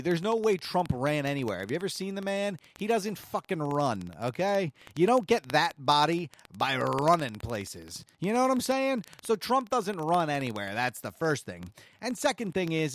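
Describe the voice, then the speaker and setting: A man's voice: on the high side, very animated, moderate pace, few pauses. A male podcast host delivering a profane, sarcastic comedic rant. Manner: sarcastic, swears freely.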